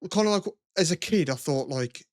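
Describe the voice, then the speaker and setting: A young man talking casually on a podcast, rambling and cursing as he acts out past conversations. His voice sits fairly high for a man. The sound is dry and close, with no room echo. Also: moderate pace. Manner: rambling, swears a lot, animated retelling. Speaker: podcast co-host. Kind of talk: casual chat.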